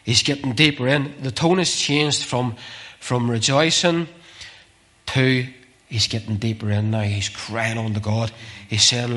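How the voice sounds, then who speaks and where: A man preaching a sermon with passion, repeating phrases and swinging from urgent calls to hushed, near-whispered lines. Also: medium pitch, steady tone, measured pace.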